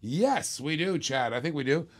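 A man hosting a live-streamed toy car auction, calling bids in quick repeated bursts with chatty asides to viewers. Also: on the high side, animated. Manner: rapid repetitive bid calling, chatty asides. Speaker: auctioneer host.

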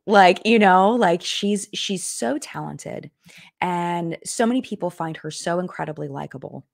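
Chatty low-voiced woman hosting a live chat. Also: expressive, a little slow, vocal fry, dry recording, studio quality. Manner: chatty, rambling, lots of fillers and restarts. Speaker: host of a live chat stream. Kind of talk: casual live-stream chat reading viewer comments.

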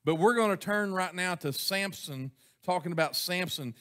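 A man's voice: high voice, normal speed, fairly bright tone. Folksy preacher man. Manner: folksy, chuckling, asks the congregation questions. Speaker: pastor. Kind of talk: sermon. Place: church sanctuary.

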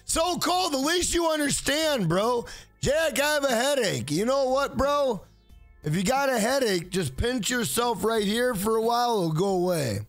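High-voiced, profane man on livestream. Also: no room sound. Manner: loud, profane, joking, reads chat aloud. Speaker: livestream host. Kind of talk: casual livestream chat.

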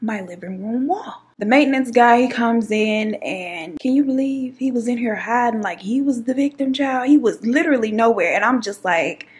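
A woman with a fairly high, slightly mellow voice tells a dramatic personal story to her viewers at normal speed, barely pausing. This YouTube storyteller is sassy and chatty, calling listeners "child" and "girl."

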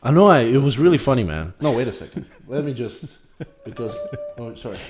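A man's voice: medium pitch, very animated, brisk, darkish tone, soft background music. A young man co-hosting a podcast, chatting casually and reading out dating profiles with a mocking, profane tone. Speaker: podcast co-host. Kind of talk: casual chat.

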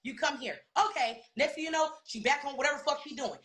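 A woman's voice: sits high, fast talker, fairly bright tone. A woman, a reality TV cast member, venting in a casual interview. She is heated, swears a lot and repeats words for emphasis.

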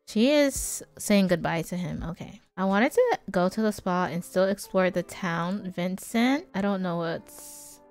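A woman chatting casually as she comments on her own gameplay, playful and prone to sudden loud exclamations. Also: mid-range voice, lively intonation, unhurried, few pauses. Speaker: gaming YouTuber.

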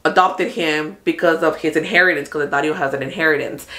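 A woman hosting a casual TV recap, talking in an animated, chatty way, swearing freely and acting out what the characters say. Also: low voice, brisk. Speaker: host of a TV recap channel. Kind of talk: casual spoilery show recap.

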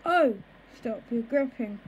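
A woman's voice: high voice, measured pace, dark tone, dull audio. A woman voicing a huge, grumpy, greedy old troll grandmother in a storybook reading, barking and snapping her lines.

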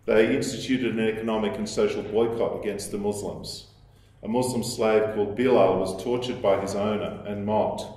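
A man giving a recorded lecture, explaining at a measured pace and quoting sources, with some fillers. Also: fairly low pitch, steady tone, a little mellow. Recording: very echoey room.

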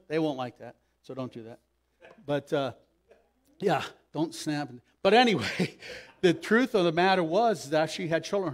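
A man preaching a sermon as pastor, emphatic, swinging between loud pleas and hushed asides. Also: fairly high pitch.

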